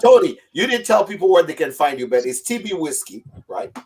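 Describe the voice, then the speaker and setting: A man's voice: on the high side, very animated, brisk, a little mellow, breathy edge. A man hosting a casual chat over a video call, teasing his guests and laughing often. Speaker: host.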